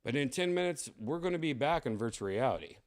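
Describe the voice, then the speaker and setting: Rambling excitable male streamer. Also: mid-range voice, fast. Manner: rambling, filler-heavy and excitable. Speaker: streamer host. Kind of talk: casual live stream chat.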